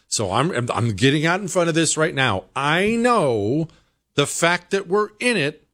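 A man's voice: very animated, measured pace, fairly bright tone. Emphatic man hosting a talk show. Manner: emphatic, rhetorical questions, big pitch swings. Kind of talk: political talk monologue.

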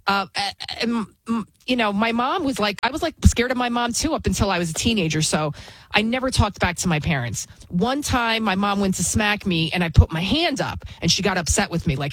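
A woman's voice: medium pitch, lively intonation, fairly quick, no echo, rough recording. Blunt, rambling woman, dry close sound. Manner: blunt, opinionated, rambling with restarts. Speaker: TV news host. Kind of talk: casual spoken monologue.

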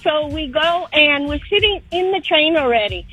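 A woman's voice: high-pitched, lively intonation, moderate pace, muffled recording. A woman calling in to a radio show, telling a dramatic true story in an earnest way. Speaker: caller.

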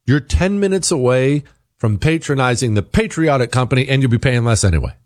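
A combative male talk radio host whose pitch swings widely as he hammers his points. His voice is dry and close on a studio microphone, delivered in an emphatic, opinionated monologue full of rhetorical questions. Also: animated, brisk, no echo.

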